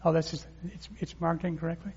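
Male pastor mid-sermon, energetic scripture reading, muffled recording with long reverb. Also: on the high side, fast talker, slightly rough. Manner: lively preaching with crowd call-and-response.

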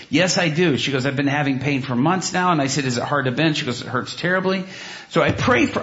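A man delivers a sermon with a story, his voice pitched a little high. He tells it with animated flair, acting out each quote. The recording is dull and lo-fi. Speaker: preacher.

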